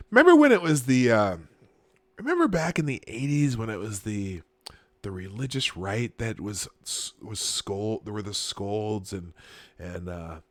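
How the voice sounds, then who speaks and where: A man's voice: on the low side, no echo. A man from Minnesota, hosting a live stream, reading chat and news with chuckles and sarcastic asides. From Minnesota, USA. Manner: chuckling, sarcastic asides, frequent filler restarts.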